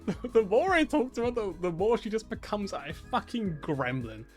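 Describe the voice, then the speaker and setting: A man casually commenting on and reading lines from a visual novel demo, excitable, swearing and often stumbling over his words. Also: sits high, normal speed. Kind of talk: casual let's-play commentary reading dialogue aloud. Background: game music.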